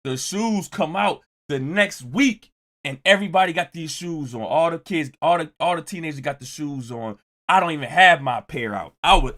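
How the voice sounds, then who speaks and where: A young man streaming, telling a story to his chat in casual, slangy talk with animated, loud bursts. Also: on the high side.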